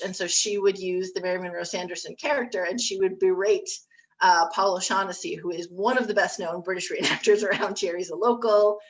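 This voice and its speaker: A woman on a history panel, chatting easily through stories with plenty of ums and restarts. Her pitch sits at an ordinary middle level for a woman. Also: a bit bright, rough recording. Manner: chatty storyteller, many fillers and restarts. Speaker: historic site staff panelist. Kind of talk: casual panel discussion.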